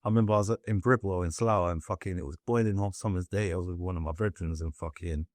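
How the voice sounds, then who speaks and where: A man's voice: low-pitched, steady tone, quick pace, darkish tone, no room sound. A young man from England, telling his life story bluntly in a casual interview, swearing and acting out what people said. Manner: blunt, swearing, acts out voices in quotes, many fillers.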